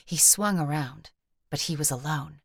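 A woman narrates an audiobook with a low-pitched voice. She tells the story in a measured, even way. The recording is dry with no room sound. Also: vocal fry, slightly rough, dry recording. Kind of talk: scripted narration.

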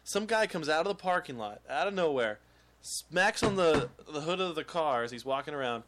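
A man's voice: on the high side, expressive, normal speed, noisy background. A man hosting a podcast, telling rambling stories in casual chat and laughing often. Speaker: podcast host.

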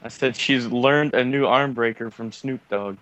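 A man's voice: mid-range voice, moderate pace, fairly bright tone, no echo, lo-fi sound. A man commenting on a wrestling match with friends, explaining the story of the bout and throwing in dry, matter-of-fact jokes. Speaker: co-host watching a wrestling match. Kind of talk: casual live watch-along commentary.

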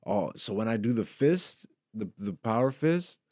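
A man hosting a casual comedy podcast, laughing, swearing and joking, high and relaxed. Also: a little slow, dry recording, clean studio sound. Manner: animated, swearing, laughing a lot. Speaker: podcast host.

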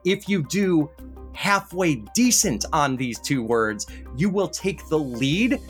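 A man's voice: on the high side, soft background music. A man hosting a word game podcast, keeping score and teasing the players. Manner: animated, teasing, rapid bursts of scorekeeping. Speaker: game show host.

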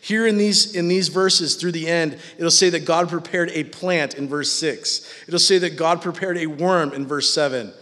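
A man preaching a sermon as pastor, animated and casual, acting out the voices he quotes. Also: fairly high pitch, normal speed, hardly any pauses. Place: church hall with live audience. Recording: long hall reverb.

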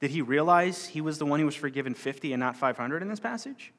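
A fast-talking man with a high-leaning voice and lively intonation teaches a Bible parable in a large hall. He keeps the sermon conversational, voicing the lines of those he quotes.

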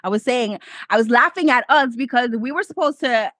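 A woman's voice: a little high, lively intonation, a little fast, fairly bright tone, no echo, studio quality. A young woman from Spanish Harlem, New York, co-hosting a podcast in laid-back, profane, giggly chatter. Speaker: podcast co-host. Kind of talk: casual podcast chat.

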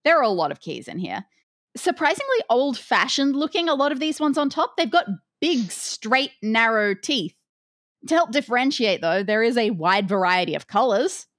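A woman's voice: fairly high pitch, very animated, moderate pace, fairly bright tone, dry recording, clean studio sound. A woman hosting a podcast as game master, playfully narrating the objects in an escape room puzzle.

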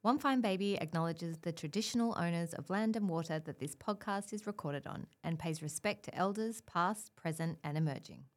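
A woman's voice: lowish voice, normal speed, hardly any pauses. A woman co-hosting a parenting podcast in casual chat. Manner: chatty, laughs often. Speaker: podcast co-host.

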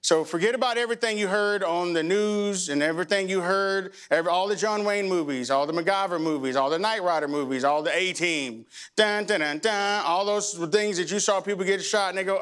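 A man's voice: fairly high pitch, moderate pace, fairly bright tone, clean tone. A middle-aged man, a pastor, preaching a sermon in church, moving from emotional storytelling to fervent preaching.

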